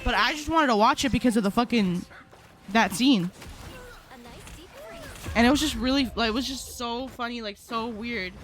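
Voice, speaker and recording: A woman's voice: a little high, moderate pace, pauses often. A young adult woman streaming live, chatting casually with her viewers in a rambling, slangy storytelling way. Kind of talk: casual live-stream chat while gaming.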